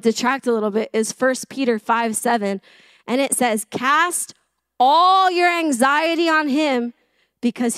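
A woman's voice: sits high, no echo. A woman who teaches English giving a chatty, conversational sermon, often asking the listeners questions and poking fun at herself. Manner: chatty, self-deprecating, asks the room questions.

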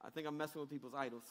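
A male preacher delivering a sermon, retelling scripture in casual slang and rising to shouted emphasis. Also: a little high. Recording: reverberant hall.

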